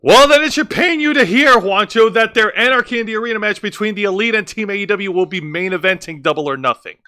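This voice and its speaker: A man's voice: sits high, fast, pushed and bright, clear, resonant tone. A man co-hosting a wrestling podcast, recapping segments with many fillers and restarts. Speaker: co-host. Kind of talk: casual wrestling review chat.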